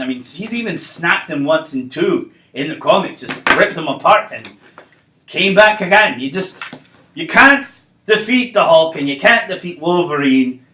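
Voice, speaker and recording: A man's voice: fairly high pitch, sharp tone, a little hiss or hum. A man doing a comedic monologue as a vlogger, rambling and playfully mocking. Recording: roomy echo.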